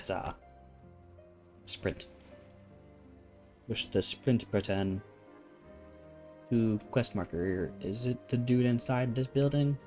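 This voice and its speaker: A man streaming a game from home, chatting in a soft-spoken, chill, self-deprecating way. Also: mid-range voice, fairly even intonation, slow pace, long pauses, faint music behind. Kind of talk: casual chat while gaming. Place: home room with rain on the ceiling.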